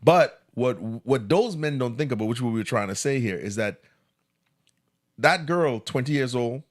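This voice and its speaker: A man co-hosting a casual podcast discussion, animated and acting out quoted lines as he tells stories. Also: medium pitch, normal speed. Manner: animated storyteller, acts out quotes. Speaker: co-host.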